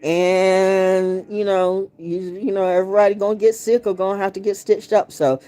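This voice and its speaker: A woman's voice: mid-range voice, little pitch movement, moderate pace, warm tone. A middle-aged woman from the United States ranting casually to her viewers, blunt and profane, telling stories with lots of animation. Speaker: vlogger. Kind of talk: casual rant to camera.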